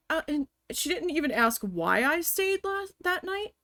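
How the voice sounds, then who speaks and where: Profane, animated woman telling a story. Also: sits high, normal speed, no room sound. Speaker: streamer. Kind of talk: casual storytelling while gaming.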